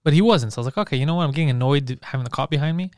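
A man co-hosting a casual comedy podcast rattles off stories at a rapid clip, full of swearing and laughter. His voice is smooth and crisp, a little above average in pitch, and recorded dry and close on a studio mic. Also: a little mellow, no echo. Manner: fast, profane storytelling with laughs. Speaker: podcast co-host.

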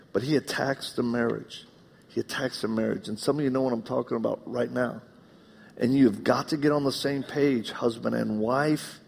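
A man with a Southern US accent delivers a live sermon in a church, with a gravelly edge to his voice. He keeps it loose and funny, slipping into playful voices for his stories. The sound carries a long reverb from the hall. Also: medium pitch. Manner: humorous storytelling, acts out dialogue. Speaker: preacher.

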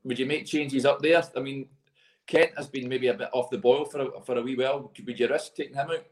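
A man's voice: mid-range voice, fairly even intonation, brisk, echoey room. A man with a Scottish accent, co-hosting a football podcast, thoughtful and asking questions. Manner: thoughtful, asks questions, hesitant. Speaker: podcast co-host. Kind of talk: casual football chat.

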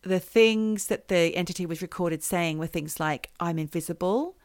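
A woman, co-hosting a podcast and telling a story in a casual, animated way. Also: on the low side, moderate pace, clear, resonant tone, dry recording, studio quality. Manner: animated storyteller, mimics voices. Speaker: podcast co-host.

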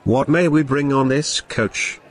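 A man's voice: mid-range voice, measured pace, close to an everyday voice. A man voicing Ologia, a sensible, observant adventurer who speaks in a formal, old-fashioned way.

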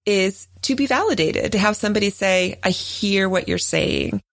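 A woman in her forties tells a personal story on a chat podcast. She talks in an easy, animated way and leaps much higher when she acts out what others said. Her voice is recorded close and dry, with no room sound. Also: normal speed, vocal fry, no echo. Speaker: podcast co-host. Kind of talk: casual chat.

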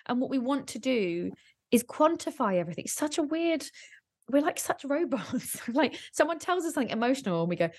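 A woman speaking in a podcast interview, lively and quick to laugh, acting out what other people say. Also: high voice, breathy edge, dry recording, clean studio sound. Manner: animated, laughing, acts out quoted people. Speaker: podcast guest and author.

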